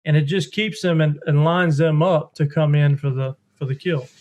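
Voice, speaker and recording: Duck-call maker, folksy drawl, fairly high voice. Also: male voice, fairly even intonation, moderate pace, darkish tone, dull audio. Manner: drawling, folksy, mimics duck sounds with his voice. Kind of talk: instructional explanation.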